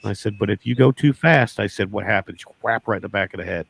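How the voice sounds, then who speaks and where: Man, low voice, folksy beekeeper telling stories. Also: fast, vocal fry, fairly bright tone, breathy edge, no echo. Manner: folksy, repeats "I said" in quoted dialogue. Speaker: beekeeper guest. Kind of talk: casual storytelling.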